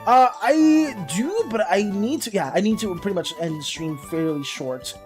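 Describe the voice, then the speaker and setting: A woman streamer chatting casually with her viewers. She often trips over her words and is quick to apologize. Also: mid-range voice, expressive, a little mellow, soft background music. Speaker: art streamer.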